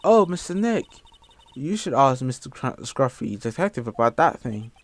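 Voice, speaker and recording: A man's voice: medium pitch, big pitch swings, moderate pace, dry recording. A man voicing an earnest, sweet little girl in a game, in a raised voice.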